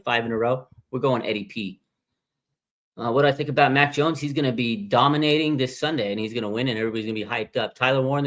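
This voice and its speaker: A man in his thirties runs a casual live fan stream. He rambles with animated, slangy banter, and his pitch sits in the middle range for a man. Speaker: fan show livestream host.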